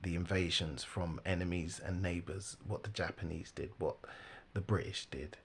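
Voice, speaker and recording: A man giving casual, animated religious commentary, laughing often and mimicking the people he talks about. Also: deep voice, normal speed, a little hiss or hum.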